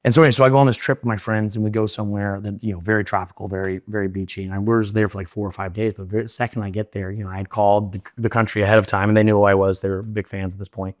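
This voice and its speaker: Young guy, lowish voice, talks super fast with lots of "you know" and restarts. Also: steady tone, no room sound, clean studio sound. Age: young adult. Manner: fast, run-on talk with many fillers and restarts. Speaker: interview guest. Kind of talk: candid interview storytelling.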